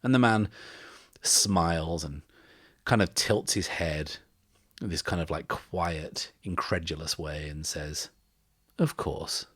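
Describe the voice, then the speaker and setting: A man hosting a podcast and narrating a solo tabletop game in a relaxed, descriptive way. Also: deep voice, slow pace, husky, no room sound, studio quality. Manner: relaxed, descriptive, uses fillers. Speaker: host and game master.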